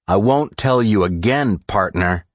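A male audiobook narrator voicing a gruff, menacing small-town sheriff with a gravelly, slow, threatening growl. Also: fairly low pitch, expressive, dry recording.

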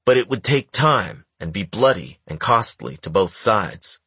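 Low, husky man for audiobook narration, dry booth, measured delivery. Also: dry recording. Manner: measured, even storytelling. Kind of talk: scripted narration.

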